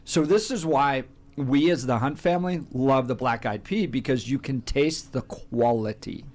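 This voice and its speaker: A man's voice: medium pitch, normal speed, darkish tone. Chatty male radio co-host. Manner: chatty, opinionated, interviewing. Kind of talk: casual radio chat.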